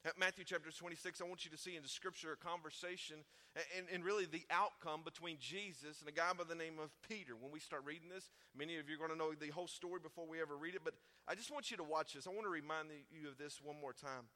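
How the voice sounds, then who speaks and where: A man preaching a sermon in a church, talking to the congregation in a conversational way that swings from loud emphasis to hushed tones. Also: on the high side, quick pace. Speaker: pastor.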